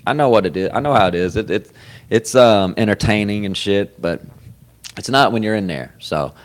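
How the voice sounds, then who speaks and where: A man hosting a podcast in casual chat, rambling and profane, getting louder at times and laughing. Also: fairly low pitch, animated, normal speed. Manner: profane, rambling, swings loud with sudden laughs. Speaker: podcast host. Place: comedy club.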